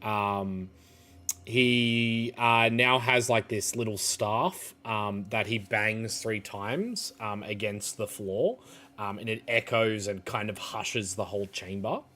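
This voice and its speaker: A man runs a tabletop game, narrating at an unhurried pace with frequent fillers. His voice sits a bit low yet sounds bright and forward. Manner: relaxed, hesitant, many fillers. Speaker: game master.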